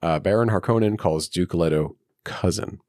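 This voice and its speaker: A man's voice: low voice, normal speed, a little mellow, no room sound, studio quality. A man co-hosting a film podcast, reading out trivia notes and laughing often between them. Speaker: podcast co-host. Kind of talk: casual film podcast chat.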